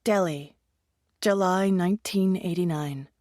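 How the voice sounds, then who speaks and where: A woman reading a thriller audiobook in an even, measured storytelling voice. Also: on the low side, dry recording, clean studio sound. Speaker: audiobook narrator. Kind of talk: scripted narration.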